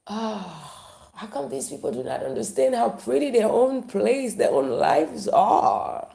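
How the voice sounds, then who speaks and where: A woman with a Haitian accent talks in a rambling, emotional monologue. Her voice is gravelly and warm and sits a touch high for a woman. She sighs often and slips between loud talk and near-whispers. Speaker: vlogger.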